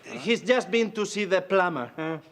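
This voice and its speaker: Cocky Argentinian charmer. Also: male voice, sits high, animated, normal speed, a bit bright, a little hiss or hum. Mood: playful. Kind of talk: scripted sitcom acting for learners.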